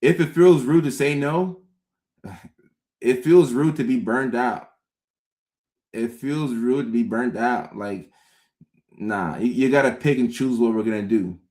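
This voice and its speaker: A man hosting a comedic talk-show monologue, acting out friends' voices with big jumps in pitch. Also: expressive, unhurried, darkish tone. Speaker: host. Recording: roomy echo.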